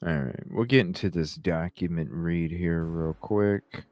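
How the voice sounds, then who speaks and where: A man's voice: sits low, a little slow, darkish tone, no room sound, soft background music. A man hosting a live podcast, chatting casually, laughing often and swearing as he rambles. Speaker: podcast host. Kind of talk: casual live-stream chat.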